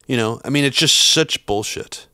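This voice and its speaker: A man's voice: mid-range voice, moderate pace, sharp tone, clear, resonant tone, no room sound. A man co-hosting a political podcast, blunt and rambling, cursing as he argues. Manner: blunt, rambling with restarts and swearing. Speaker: podcast co-host. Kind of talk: casual political chat.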